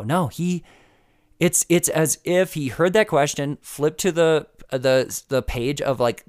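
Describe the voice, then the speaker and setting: A male podcast host thinking out loud in a loose, meandering monologue, circling back with restarts and "like" and slipping in wry chuckles. His voice sits in an ordinary middle pitch. The sound is dry and close, with no room echo. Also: smooth. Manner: rambling, frequent restarts and "like"; wry, laughing asides. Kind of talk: casual solo commentary.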